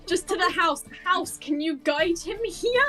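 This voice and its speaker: A woman's voice: extremely high pitch, a little slow, bright, forceful tone, faint music behind, poor audio. A woman playing a tabletop role-playing game, eager and full of suggestions. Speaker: player. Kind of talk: casual tabletop game chat.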